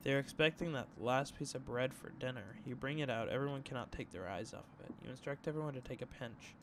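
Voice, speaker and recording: A man's voice: mid-range voice, noisy background. A young man streaming, reading a story game aloud in a casual tone, with slang asides. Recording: game music behind voice.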